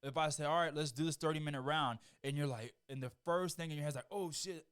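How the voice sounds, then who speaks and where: A man's voice: fairly high pitch, steady tone, fast talker, a bit bright, smooth. A man guest on a podcast, telling stories in a laid-back casual chat and swearing freely.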